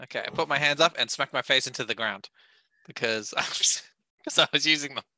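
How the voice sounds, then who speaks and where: A man's voice: medium pitch, brisk, pushed and bright, dry recording. A man playing a tabletop game, joking and bantering as he describes his moves. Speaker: player.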